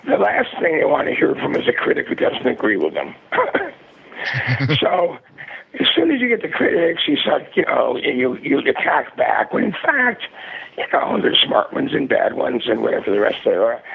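A man calling in on a headset, talking in a sardonic, profane way and laughing often. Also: a little high. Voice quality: raspy gravelly. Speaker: phone-in guest. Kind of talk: casual phone interview. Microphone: phone headset. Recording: muffled phone line.

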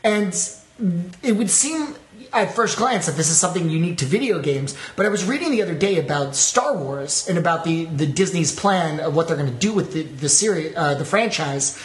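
A man's voice: on the high side, expressive. Chatty man in a roomy space. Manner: chatty, storytelling, halting restarts. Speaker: podcast co-host. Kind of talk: casual discussion.

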